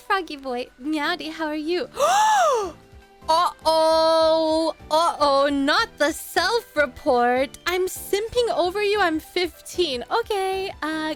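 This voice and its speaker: A woman's voice: sits high, a bit bright. A young woman streamer chatting casually with her viewers, giggling often and drifting off her story to greet people in chat.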